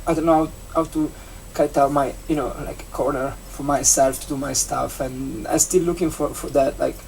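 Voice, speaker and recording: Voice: medium pitch, fairly even intonation, gravelly, darkish tone. Rambling young adult with an Italian accent. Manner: rambling, halting, with many restarts and fillers. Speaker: vlogger, seasonal campsite entertainment worker. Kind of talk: casual vlog chat. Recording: distant mic with faint background noise.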